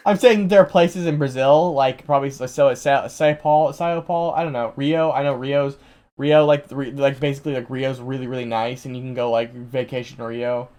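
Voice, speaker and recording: A man's voice: medium pitch, big pitch swings, normal speed, darkish tone. A young man hosting a casual podcast, rambling with lots of "like" and restarts. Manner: rambling, heavy use of "like", restarts. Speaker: podcast host.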